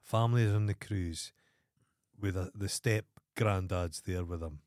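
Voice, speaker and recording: A man's voice: sits low, unhurried, a little mellow, no echo, studio quality. A Scottish man co-hosting a podcast in casual chat, blunt and ranting with heavy swearing. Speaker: podcast co-host.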